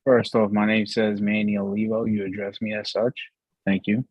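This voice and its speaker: A man co-hosting a sports talk show, teasing his partner with animated trash talk. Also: on the low side, moderate pace, breathy edge, dry recording, lo-fi sound. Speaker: co-host.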